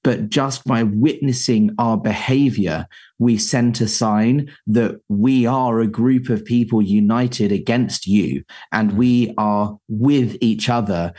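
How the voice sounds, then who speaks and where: A man's voice: mid-range voice, a little slow, dark tone. A man talking earnestly and with emotion in an interview, rambling a little as he explains what happened.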